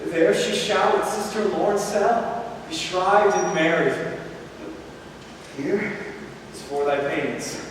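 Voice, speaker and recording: An earnest young man in love, played by a man, declaiming in a fairly high voice at a slow pace. He sounds far from the mic in an echoing hall. A clear background hiss runs under his lines. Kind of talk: stage acting.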